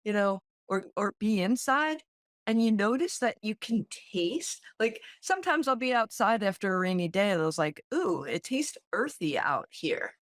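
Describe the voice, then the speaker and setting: A woman co-hosting a podcast, talking in a slow, thoughtful way and searching for her words as she reflects. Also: medium pitch, animated, dry recording, clean studio sound. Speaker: podcast co-host. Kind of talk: reflective casual conversation.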